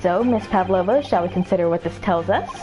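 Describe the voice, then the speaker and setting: A woman's voice: fairly low pitch, a little fast, lightly acted. A woman voicing a confident, theatrical male detective who lays out his case in a grand, lecturing way. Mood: triumphant. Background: game music.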